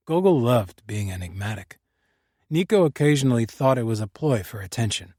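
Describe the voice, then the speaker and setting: A man narrating a mystery audiobook in a measured, even manner. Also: mid-range voice, dry recording, clean studio sound. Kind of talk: scripted narration.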